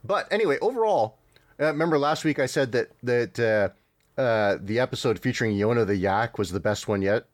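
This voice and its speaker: A man's voice: mid-range voice, brisk, no echo. A man hosting a casual podcast, chatting about cartoons in a rambling way with fillers and laughs. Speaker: podcast host.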